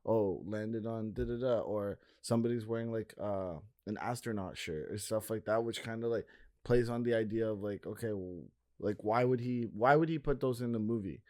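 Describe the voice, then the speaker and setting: A man's voice: lowish voice, normal speed, a little mellow, dry recording. Rambling young man, dry close sound. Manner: rambling, lots of "like" fillers. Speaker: podcast co-host. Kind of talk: casual chat.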